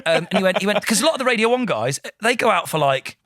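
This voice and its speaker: A man and radio presenter, a guest telling quick anecdotes in casual chat, swearing now and then. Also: high-pitched, sing-song, bright, forceful tone, no room sound, clean studio sound.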